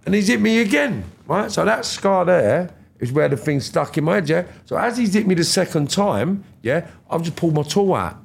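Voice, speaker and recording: A middle-aged man from London, his voice gravelly and rough, tells a story in blunt street slang and swears freely, casual like an off-the-cuff podcast guest. His voice is on the high side with lively intonation, normal speed and hardly any pauses. Slight background noise can be heard.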